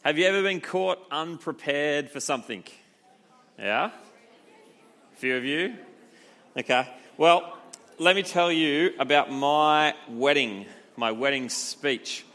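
A man in his thirties preaching a youth sermon, a lively self-deprecating storyteller who acts out the quotes in his stories. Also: a little high, slow, pauses often. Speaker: youth pastor.

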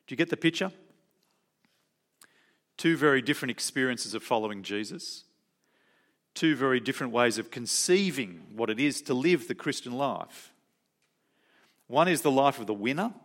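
A man's voice: medium pitch, a bit bright. Male preacher, conversational sermon, questions the congregation.

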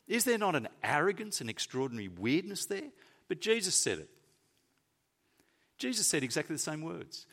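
Aussie guy preaching, really animated up and down voice, hits words hard then goes quiet. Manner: emphatic, swinging between loud stresses and soft low phrases. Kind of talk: sermon.

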